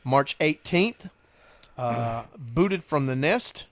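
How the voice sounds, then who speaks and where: A man's voice: mid-range voice, lively intonation, very slow, dry recording. Man, podcast host, rambling storyteller, dry close sound. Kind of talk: casual chat.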